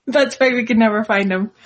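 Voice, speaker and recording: Giggly woman, talks kinda slow, says like a lot. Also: a little high. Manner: giggly, joking, filler-heavy. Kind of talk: casual chat.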